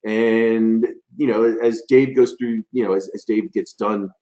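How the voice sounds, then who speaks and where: A man's voice: lowish voice, steady tone, a little slow, dark tone, lo-fi sound. A man in his forties presenting a webinar, telling a story in a loose, chatty way with plenty of fillers. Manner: chatty, loose delivery with many fillers and restarts. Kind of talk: conversational storytelling lecture.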